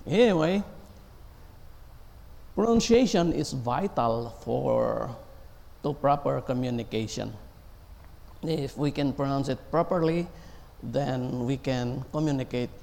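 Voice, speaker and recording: A man preaching a sermon, speaking slowly and haltingly with many fillers and pauses. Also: medium pitch, vocal fry, darkish tone, big-room sound.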